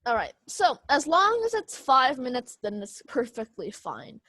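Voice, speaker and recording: A woman instructing a speech class over a video call, explaining slowly with many fillers and restarts. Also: high voice, huge pitch swings, bright, forceful tone, no room sound.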